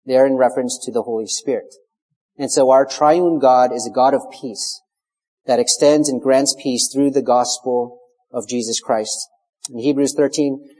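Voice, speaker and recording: A man preaching an expository sermon, measured and emphatic, stressing key words as he works through scripture. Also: mid-range voice, warm tone. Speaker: pastor. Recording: long hall reverb.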